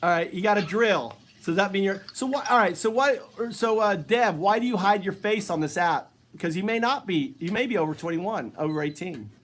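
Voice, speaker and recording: High-voiced man teasing a stranger. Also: animated, fairly quick, few pauses, fairly bright tone, slight background noise. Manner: teasing, provocative, laughs often. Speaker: streamer chatting with strangers. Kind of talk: casual chat.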